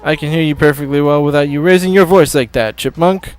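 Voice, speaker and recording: A man's voice: fairly high pitch, brisk, clear, resonant tone, soft background music, close to an everyday voice. A man reading as a snooty animal villager. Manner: condescending.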